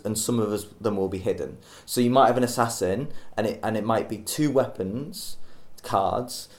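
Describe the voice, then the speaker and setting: A man co-hosting a casual podcast, pitching a game idea in a rambling, jokey way and tripping over his words. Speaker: podcast co-host.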